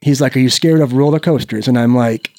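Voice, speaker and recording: Relaxed storytelling man from Iowa. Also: medium pitch, brisk, no echo, studio quality. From Iowa, United States. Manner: animated storyteller who acts out the people he quotes; swears freely, peppers speech with "right?". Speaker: guest. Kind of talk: casual storytelling chat.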